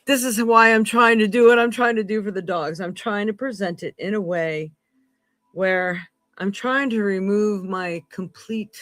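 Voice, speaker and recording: A woman's voice: low voice, dry recording. Woman tarot reader hosting a live stream, earnest and emphatic, dry close sound. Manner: emphatic, earnest, jumps between loud and hushed. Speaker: psychic tarot reader and host.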